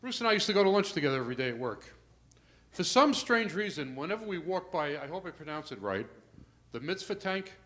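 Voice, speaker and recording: An older man doing a stand-up comedy set in a club, telling stories with asides to the crowd and getting louder for the punchlines. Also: on the high side, big pitch swings, fairly quick. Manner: storytelling with asides to the crowd, rising loud for punchlines.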